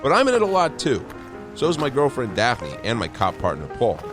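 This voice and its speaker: A man's voice: mid-range voice, wildly swooping pitch, brisk. An actor playing a brash, cheerful male city cop in a scripted audio drama promo, talking with swagger. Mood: upbeat. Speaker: promo narrator in character. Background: music.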